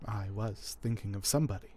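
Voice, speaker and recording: A man reading an audiobook, voicing an earnest, trusting young gentleman. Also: on the low side, a little fast, lightly acted. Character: naive cheerful young gentleman.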